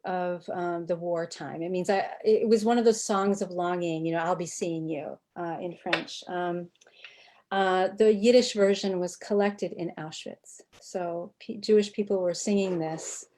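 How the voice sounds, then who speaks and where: A woman anthropologist telling a personal story on a video call, animated and often restarting her sentences. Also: fairly low pitch, a little slow, slight background noise. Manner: animated, self-interrupting storyteller. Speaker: anthropologist and author, guest.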